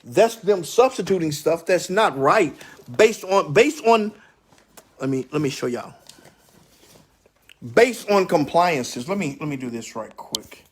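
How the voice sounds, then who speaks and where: A man's voice: fairly high pitch, expressive, a little slow, pauses often, breathy edge. A man hosting a casual livestream about credit repair, emphatic and repetitive, speaking straight to his viewers. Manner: emphatic, repeats himself, talks straight to viewers.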